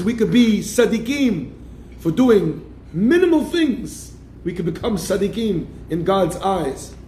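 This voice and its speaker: A lively man preaches as a rabbi, voice sitting high for a man and slipping into quoted characters as he goes. The room rings with echo, with a faint hum of ambience underneath. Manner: animated, acts out the people he quotes; keeps addressing listeners as "my friends". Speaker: rabbi giving a class. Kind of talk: sermon. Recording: echoey room.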